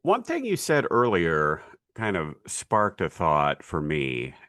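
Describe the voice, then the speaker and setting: A man's voice: low voice, wildly swooping pitch, slow pace, fairly bright tone, no echo, clean studio sound. A man co-hosting a podcast, chatting animatedly and acting out quoted voices. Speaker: podcast co-host. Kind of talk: conversational podcast talk.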